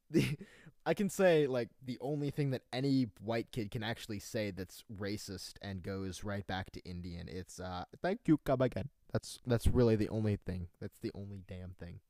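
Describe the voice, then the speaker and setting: A man's voice: fairly low pitch, steady tone, normal speed, dark tone, no echo, studio quality. A young man from North Carolina hosting a casual live stream show, rambling, joking and laughing often as he passes on what a friend on a call says. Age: young adult.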